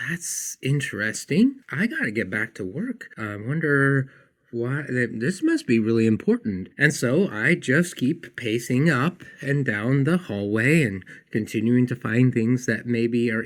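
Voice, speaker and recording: Brief: male podcast host and counselor, earnest storyteller, average pitch, lively delivery. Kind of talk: storytelling then teaching monologue.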